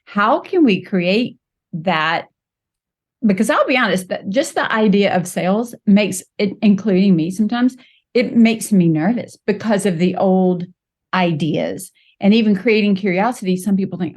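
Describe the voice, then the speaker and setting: A woman's voice: medium pitch, moderate pace, darkish tone. A woman hosting a podcast interview, talking openly and asking her guest questions. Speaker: podcast host.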